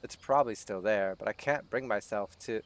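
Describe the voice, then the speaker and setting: A man's voice: lowish voice, normal speed, lightly acted. A man reading aloud the lines of a fearful woman fisher in a video game, in a lightly raised voice. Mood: fretful. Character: fearful woman fisher who fled a ghost.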